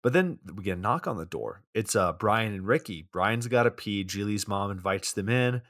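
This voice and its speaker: A man's voice: on the low side, animated, moderate pace, a bit bright, no room sound, clean studio sound. A man co-hosting a podcast, recapping a movie's plot in a laid-back, sarcastic way. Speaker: podcast co-host.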